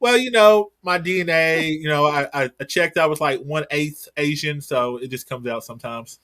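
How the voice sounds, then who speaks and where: A man's voice: on the high side, moderate pace, fairly bright tone. A man co-hosting a casual wrestling recap podcast, loose and rambling, swearing offhandedly as he runs through results. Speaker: podcast co-host.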